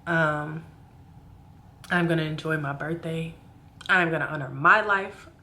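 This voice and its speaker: A woman's voice: deep voice, a little slow, bright, forceful tone. A woman in her late twenties vlogging to camera, speaking in an earnest, heartfelt way and fighting back tears. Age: 20s. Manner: emotional, speaking through tears. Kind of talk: personal vlog talking to camera.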